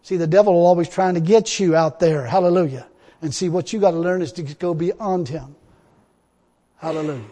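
A man's voice: on the high side, a little fast, mellow, long reverb tail. A middle-aged man preaching a sermon in an emphatic, repetitive way, often breaking into laughter and exclamations of praise.

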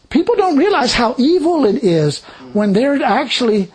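A husky-voiced man preaches with a higher pitch and a lively, swooping delivery. He drives each point home by repeating it and breaks into praise and short laughs as he goes. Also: moderate pace. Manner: emphatic, repetitive preaching with exclamations of praise. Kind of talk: sermon.

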